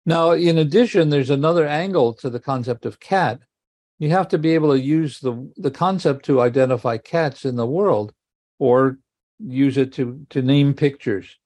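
An older man giving a measured academic lecture, explaining step by step with occasional restarts. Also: mid-range voice, a little mellow, no echo.

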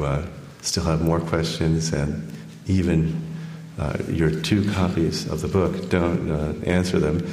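A man, an author, reading from his book and then taking questions, measured when reading and full of fillers when answering. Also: low-pitched, a little mellow. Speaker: author giving a talk. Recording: echoey hall, long reverb.

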